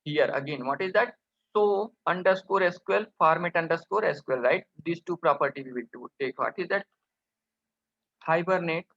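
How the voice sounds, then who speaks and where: A man teaches programming over a screen recording, asking "what?" again and again. His voice sits high and sounds bright and sharp. The recording is dull and lo-fi. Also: normal speed, gravelly. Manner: keeps asking rhetorical questions, addresses viewers as guys. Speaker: programming instructor. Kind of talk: screen-recorded coding tutorial.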